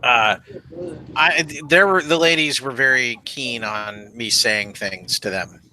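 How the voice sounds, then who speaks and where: A man's voice: mid-range voice, slow pace, pushed and bright, low-quality recording. A man with a Canadian accent chatting casually, rambling through his points. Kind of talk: casual group chat.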